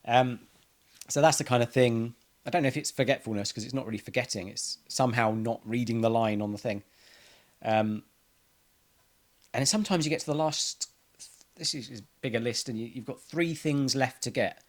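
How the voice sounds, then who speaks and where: A man's voice: medium pitch, normal speed. A man talking casually to camera in a rambling personal monologue, full of ums and restarts. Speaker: vlogger.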